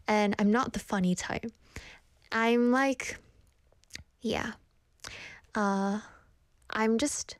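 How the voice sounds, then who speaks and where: A woman's voice: fairly high pitch, no echo, clean studio sound. Chatty young woman reading chat aloud. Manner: chatty, self-deprecating, reads comments aloud; animated quoted voices in stories. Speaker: streamer host reading chat. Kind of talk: casual chat with viewers.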